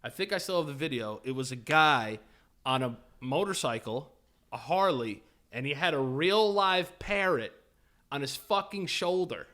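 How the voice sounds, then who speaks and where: This Florida podcast co-host has a voice on the high side and a moderate pace as he tells a story in casual talk. It's a lively, foul-mouthed telling, with him playing out each person in it.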